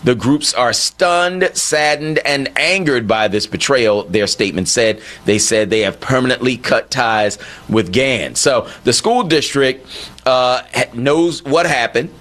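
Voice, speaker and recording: Man from philly on talk radio, bright forceful voice, animated, keeps asking you know what i mean. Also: measured pace. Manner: animated, rising to an incredulous high pitch when indignant. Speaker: radio talk show host. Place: radio studio.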